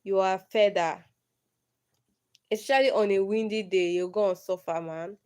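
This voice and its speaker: A young woman hosting a casual livestream, slowly reading riddles aloud and answering them herself. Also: mid-range voice, fairly even intonation, a little mellow, smooth. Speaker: livestream host.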